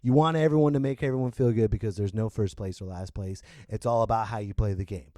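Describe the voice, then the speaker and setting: A middle-aged man hosting a podcast, ranting incredulously and breaking into shouted outbursts. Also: lowish voice, fast, no echo. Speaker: podcast host. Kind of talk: ranting monologue.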